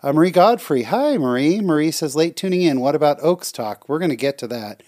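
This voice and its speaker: On the podcast, he reads listener comments aloud and reacts with warm, effusive, heartfelt enthusiasm while chatting casually. His voice is on the high side, with lively intonation and a fairly quick pace.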